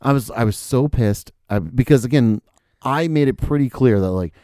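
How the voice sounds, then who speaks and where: A man's voice: medium pitch, expressive, normal speed, warm tone, clear, resonant tone, no echo, clean studio sound. A young adult man, a musician, telling a long story in casual podcast chat, rambling with lots of fillers and swearing. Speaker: guest musician.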